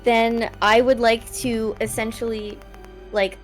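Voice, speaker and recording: A woman's voice: a little high, little pitch movement, slow pace, rough recording. Woman player, hesitant and wordy, faint music behind. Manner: hesitant, explains her moves with many fillers. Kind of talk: tabletop game chat.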